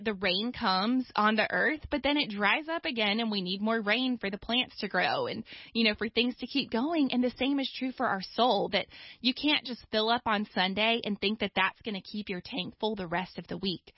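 A woman, a guest author, telling stories in a casual conversation with lively asides. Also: fairly high pitch, slightly rough, dry recording. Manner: lively storytelling with quick asides. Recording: dull dry studio sound.

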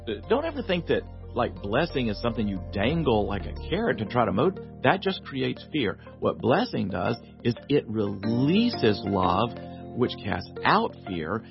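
A man, a guest author on a radio talk show, telling a family story in a lively way, laughing often and acting out the voices. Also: mid-range voice, gravelly, muffled recording.

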